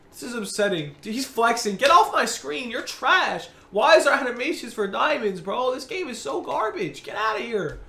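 A man's voice: very high voice, big pitch swings, normal speed, pushed and bright. A man doing video game pack opening commentary, ranting in exasperation with frequent groans and sighs. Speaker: gaming video creator. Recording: roomy echoey recording.

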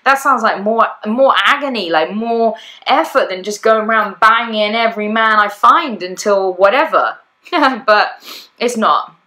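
A woman's voice: medium pitch, measured pace, sharp tone, rough recording. A woman life coach talking bluntly in a podcast monologue, acting out inner voices as she goes.

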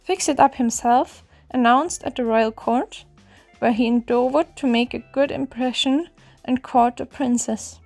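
A woman reads an old fairy tale aloud in a gentle, even storybook manner. Her voice sits high and clear, with soft music playing faintly behind her. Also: measured pace.

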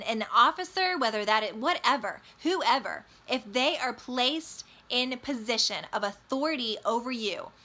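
A woman's voice: on the high side, pushed and bright. A woman teaching a Bible study in an earnest, emphatic way.

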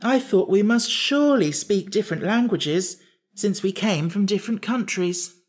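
A man's voice: high-pitched, lively intonation, normal speed, voice pushed up. A man voicing a simple, earnest wooden man with a pumpkin head, eager to please, in a storybook audiobook. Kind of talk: audiobook character voice.

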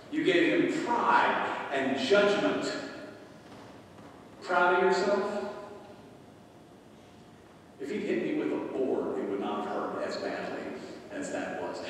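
A preacher with a fairly high voice tells a self-mocking story from the pulpit. He is picked up from well back in a big church, and the sound rings with long reverb and a faint hum of room noise. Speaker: pastor. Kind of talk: sermon. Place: large church sanctuary. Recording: echoey church hall from far off.

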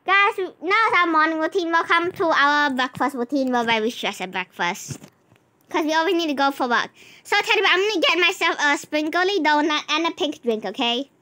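A woman with a high, bright voice narrates a game role-play for her channel. She chats easily, turning between her co-player and the viewers. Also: animated, normal speed. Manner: chatty, talks to a co-player and to viewers in turn. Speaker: gaming channel host.

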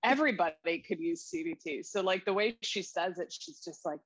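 A young woman co-host with a breathy, husky voice jokes playfully through a casual podcast chat. It is recorded close and dry, with no room sound. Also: mid-range voice, big pitch swings, no room sound. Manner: playful, joking, quick asides. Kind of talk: casual chat about a film.

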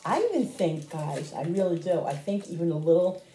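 A woman's voice: fairly low pitch, animated, normal speed, warm tone, echoey room, a little hiss or hum, poor audio. A middle-aged woman chatting casually to her viewers while cooking in her home kitchen. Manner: chatty, talks straight to viewers. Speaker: cooking vlogger.

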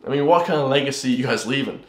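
A man's voice: medium pitch, animated, quick pace. A young man delivers a motivational monologue with a loose, rambling flow and plenty of swearing, calling his viewers "guys" again and again. His voice sits in a middle register. The recording has a roomy, echoey feel. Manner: rambling, blunt, swears, keeps saying "guys". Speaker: fitness vlogger. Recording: roomy echo.

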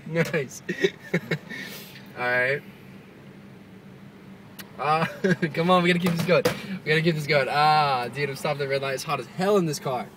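A man's voice: on the high side, a little slow, long pauses. Laid-back man joking while driving. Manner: repeats phrases, laid-back banter. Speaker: channel host. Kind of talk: casual joke telling. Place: driving a car, stopped at a red light. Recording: distant mic with road noise.

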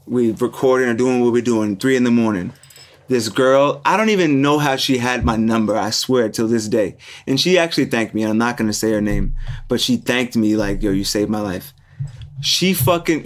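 A man's voice: mid-range voice, moderate pace. A young man hosting a podcast, telling a story casually, swearing freely and voicing the people in it. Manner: animated storyteller, swears freely, voices people in his stories. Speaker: podcast host.

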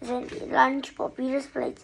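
A woman's voice: high voice, monotone, normal speed, vocal fry, a little hiss or hum, poor audio. A woman reading a children's story aloud, narrating expressively.

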